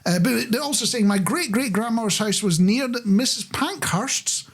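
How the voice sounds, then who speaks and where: A husky-voiced man co-hosting a relaxed radio chat show. His pitch moves around a lot as he jokes and reads out listener messages. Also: normal speed. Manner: chatty, jokey, laughs often.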